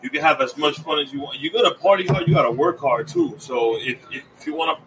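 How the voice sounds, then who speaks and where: A man from Washington Heights hosting a casual interview chat, relaxed and prone to quick restarts. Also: a little high. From Washington Heights, New York. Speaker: podcast host. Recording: distant mic with faint room noise.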